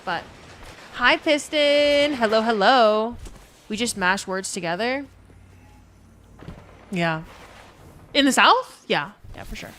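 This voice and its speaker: A woman's voice: fairly high pitch, expressive, slow pace, pauses often, fairly bright tone, a little hiss or hum. Chatty woman streamer, rambling. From New Orleans, USA. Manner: chatty, rambling, swears, greets chat. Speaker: game streamer. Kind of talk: casual live-stream chat.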